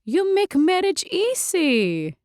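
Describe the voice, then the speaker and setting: A woman voicing an ancient, doting female vampire who speaks slow, stilted, formal English without contractions. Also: extremely high pitch, wildly swooping pitch, darkish tone, no room sound, studio quality, voice pushed up, heavily acted.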